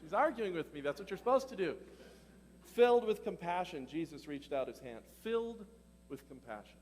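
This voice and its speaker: Animated high-voiced male pastor preaching. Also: normal speed, big-room sound. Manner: animated, conversational preaching with laughs and questions to the congregation. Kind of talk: sermon. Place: church hall.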